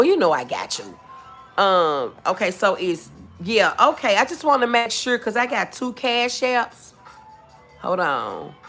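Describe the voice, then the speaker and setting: Animated woman chatting live with her viewers. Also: a little high. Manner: animated, laughs often, talks to chat as y'all and baby. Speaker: livestream host. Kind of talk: casual livestream chat. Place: home.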